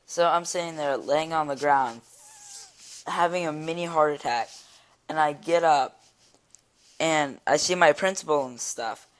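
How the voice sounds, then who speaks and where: A teenage boy telling a story in a casual vlog, rambling and excitable, with many fillers. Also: a little high, unhurried, pauses often. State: eating while talking. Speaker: vlogger. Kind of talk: casual storytelling while drawing.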